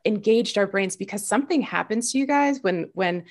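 A woman guest in casual chat, self-deprecating and quick to laugh, turning earnest and reflective as she explains. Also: medium pitch, lively intonation, a little mellow. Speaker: podcast guest.

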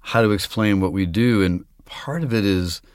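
Low-voiced man talking about acting. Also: normal speed, no echo, studio quality. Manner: reflective, explains his craft with spoken examples. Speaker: actor and guest. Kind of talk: conversational interview.

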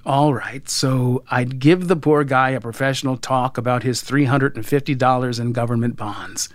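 A narrator reading a first-person story aloud in a wry, deliberate way, recorded close to the mic. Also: mid-range voice, dry recording. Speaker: audiobook narrator.

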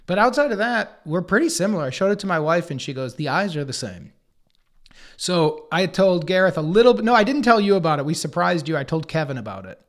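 In a loose, chatty interview, a man in his forties, appearing as both podcast co-host and guest, tells stories. He's animated, acting out other people's lines in quotes and quickly rising in pitch as he slips into their voices.

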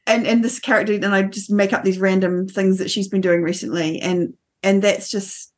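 A woman's voice: medium pitch, fairly even intonation, moderate pace, a little mellow. A woman co-hosting a podcast in casual chat, rambling with frequent restarts. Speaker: podcast co-host.

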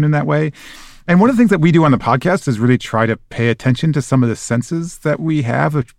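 A male podcast co-host who explains things thoughtfully and reads passages aloud. His pitch sits in an ordinary middle range. He is recorded on a close mic with a dry, dead sound. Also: vocal fry, no room sound. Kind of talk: podcast chat and reading aloud.

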